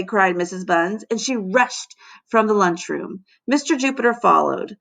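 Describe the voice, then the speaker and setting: A teacher reading a children's chapter book aloud to her class, with expressive, dramatic storytelling. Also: mid-range voice, measured pace, creaky. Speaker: fourth grade teacher.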